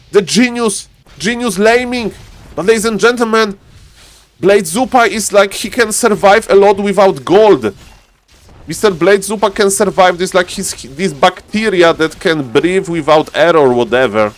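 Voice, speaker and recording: A man casting a strategy game live, animated and laughing, breaking into high yelps. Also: normal speed. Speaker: game caster. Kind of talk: excited live game commentary.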